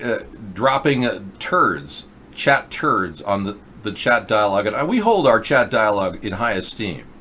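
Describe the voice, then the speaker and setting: A man hosts a casual political livestream chat show from the US Pacific Northwest, rambling and sarcastically scolding and mocking chat users. His voice is lowish and sharp, with a little hiss or hum.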